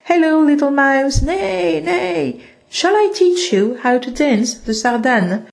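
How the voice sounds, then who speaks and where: A woman's voice: high-pitched, lively intonation, slow, vocal fry, voice pushed up, exaggerated voice. A woman voicing a helpful, cheerful male donkey in a storybook, bouncy with braying sounds. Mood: friendly.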